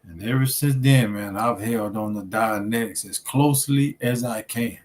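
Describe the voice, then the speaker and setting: A man, a student minister, talking as a guest in a casual storytelling interview, relaxed and conversational with many fillers. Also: lowish voice, moderate pace.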